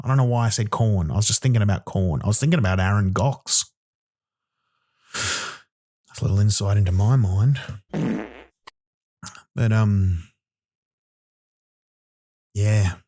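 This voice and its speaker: A man's voice: fairly low pitch, moderate pace, long pauses, darkish tone. A young Australian man hosting a podcast, ranting in a loose comic monologue, swearing and acting out little voices as he goes. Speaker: podcast host.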